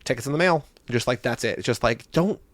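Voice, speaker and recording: A man's voice: mid-range voice, animated, quick pace, dry recording, studio quality. A young man co-hosting a podcast, telling a rambling story in casual chat, filled with "like". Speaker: podcast co-host.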